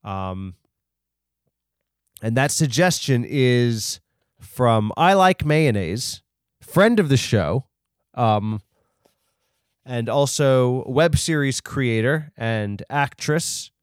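A man's voice: mid-range voice, lively intonation, drawn-out words, pauses often, clean tone, no echo, clean studio sound. A man hosting a comedy podcast, rambling through a bit with lots of ums and restarts. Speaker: podcast host.

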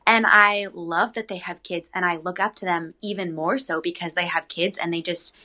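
A woman's voice: on the low side, normal speed. A woman in her twenties, a podcast guest, telling a personal story in casual chat, with many ums and likes. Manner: chatty, animated, frequent ums and likes.

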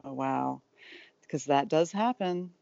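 A woman's voice: deep voice, slow, vocal fry, mellow, dry recording. A woman from Florida hosting a podcast, chatting effusively and casually with lots of "like" and "you know," heard over a remote call. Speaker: podcast host. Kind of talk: casual chat. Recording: dull, dry lo-fi sound.

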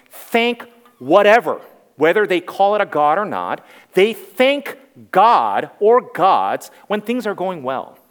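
A man in his forties preaching a sermon as pastor, earnest and emphatic, repeating key phrases. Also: sits high. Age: 40s. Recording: reverberant hall.

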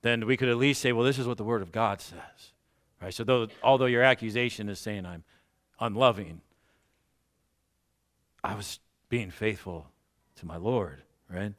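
A man preaching a sermon as pastor, slowing down and swelling loud on key points, with self-mocking asides and light laughs. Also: lowish voice. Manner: slows down for emphasis and rises loudly on key points.

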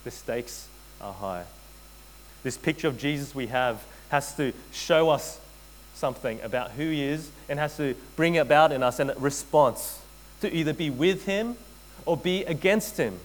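Earnest preacher with a higher voice. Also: male voice, normal speed, poor audio. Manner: earnest, drops to a hushed intensity for emphasis, repeats key phrases; addresses listeners as friends, frequent tag questions. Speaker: pastor. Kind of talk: sermon.

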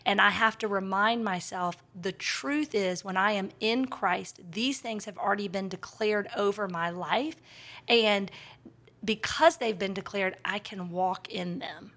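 A woman co-hosting a faith podcast, speaking earnestly and thoughtfully. Her voice sits in a middle pitch. She quickens into bursts of enthusiasm. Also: a bit bright. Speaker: podcast co-host. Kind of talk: casual faith podcast chat.

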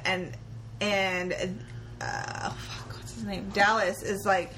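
A young woman co-hosting a casual podcast about a movie, animated and swearing, acting out characters' lines and laughing often. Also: mid-range voice, slow, slight background noise. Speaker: podcast co-host. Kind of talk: casual movie-discussion chat.

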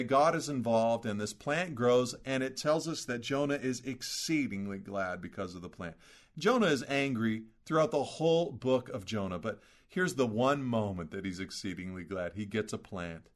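A man's voice: on the low side, a bit bright. A man preaching a sermon as pastor, explaining scripture in an earnest, emphatic teaching manner with rhetorical questions.

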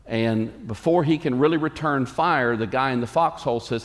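A middle-aged man delivers a sermon as pastor, driving points home with repeated phrases and quoting imagined excuses. His voice sits at an ordinary pitch for a man. It rings out in a church hall with a long reverb trailing each line. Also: moderate pace, hardly any pauses. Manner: emphatic preaching with repeated phrases and quoted asides.

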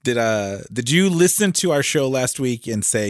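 A man's voice: medium pitch, lively intonation, moderate pace, no echo, studio quality. A man co-hosting a podcast, trading teasing banter and laughing often. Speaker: podcast co-host. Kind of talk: casual banter.

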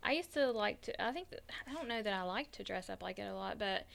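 Bright, smooth-voiced woman chatting. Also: medium pitch, animated, fast talker. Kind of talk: casual chat.

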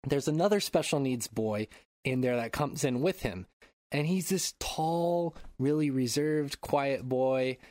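Guy hosting a podcast at home, cursing, jumps into big shouty impressions, super dry close mic sound. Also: mid-range voice, unhurried, dry recording. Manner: animated storytelling, swears freely, acts out shouts. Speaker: podcast host. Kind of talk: casual chat. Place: home room.

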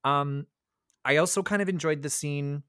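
A man hosting a podcast, talking casually about films with hesitant restarts and animated retellings. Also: fairly high pitch, moderate pace, clear, resonant tone, no room sound, clean studio sound. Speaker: podcast host. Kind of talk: casual film discussion.

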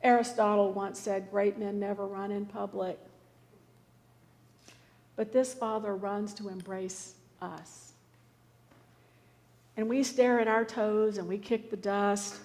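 A woman's voice: medium pitch, little pitch movement, slow, pauses often, a little mellow. Woman preaching in a reverberant hall. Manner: earnest, pleading storytelling. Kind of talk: sermon.

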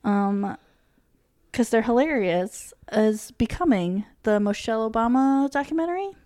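A woman's voice: a little high, expressive, a little slow, mellow. A young woman chatting casually as a podcast co-host, with many ums and free swearing. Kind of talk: casual chat.

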